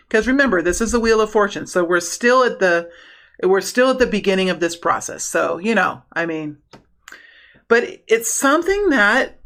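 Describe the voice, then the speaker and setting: A woman giving a casual tarot reading, animated and prone to excited bursts, often restarting her sentences. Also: mid-range voice. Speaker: tarot reader.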